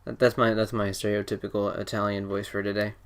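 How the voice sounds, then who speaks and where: A man's voice: fairly low pitch, completely flat delivery, a little fast. A teenage boy hosting a casual podcast chat, rambling and joking with lots of fillers and restarts. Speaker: podcast host.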